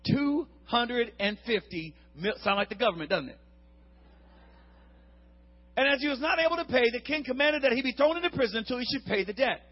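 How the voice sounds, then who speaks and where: A man preaching a lively, humorous sermon, acting out the Bible characters and swinging between shouts and hushed asides. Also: very high voice, fast, pauses often, lo-fi sound.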